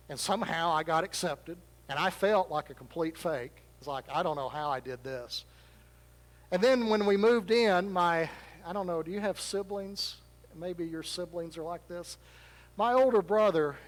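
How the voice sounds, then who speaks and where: A pastor from Arkansas, preaching a sermon in a conversational, self-deprecating storytelling way. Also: male voice, on the high side. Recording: long reverb of a large hall.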